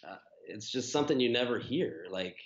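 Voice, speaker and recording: A man's voice: medium pitch, lively intonation, brisk, lo-fi sound. A man, a guest on a running podcast, telling his race story in a casual, rambling way with many fillers and restarts.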